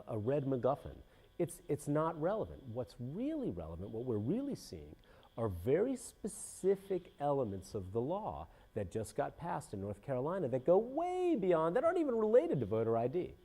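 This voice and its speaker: Animated, rambling man with a mellow voice. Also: mid-range voice. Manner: rambling, animated, self-interrupting with many restarts. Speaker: podcast host. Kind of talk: casual political commentary.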